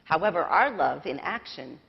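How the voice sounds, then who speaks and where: An American woman pastor preaches with an easy, conversational warmth, poking fun at herself as she goes. Her voice rings out with a long reverb through the church sanctuary. The livestream sound is muffled and dull. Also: deep voice, animated, normal speed, vocal fry. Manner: conversational, self-deprecating, sings snatches of lyrics. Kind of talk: sermon.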